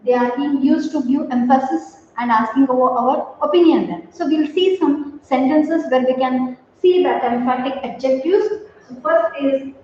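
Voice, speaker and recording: A woman teaching a grammar lesson to students, speaking slowly and deliberately and repeating key words. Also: high-pitched, darkish tone, a little hiss or hum. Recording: roomy, echoey, distant, dull audio.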